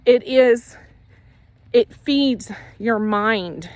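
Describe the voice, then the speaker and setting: A woman's voice: a little high, extremely slow, no room sound. A woman giving a casual, earnest faith and fitness pep talk while out on a walk. She repeats herself and corrects herself as she goes. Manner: earnest, repetitive, self-correcting; walking while talking. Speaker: faith vlogger.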